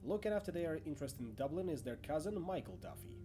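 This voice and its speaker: A man's voice: a little high, big pitch swings, quick pace. A man narrating a tabletop horror game as game master, with chatty asides and stumbles over names. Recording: music playing under voice.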